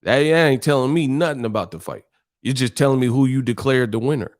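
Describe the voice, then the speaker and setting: A man's voice: mid-range voice, a little fast. Man, boxing stream host, combative casual rant, heavy profanity, mid-range voice. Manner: blunt, combative, heavy cursing.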